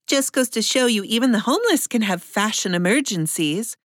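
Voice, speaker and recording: A woman's voice: on the high side, lively intonation, a little fast, no room sound, studio quality, lightly acted. A woman voicing a flippant, teasing young woman friend with a chirpy manner.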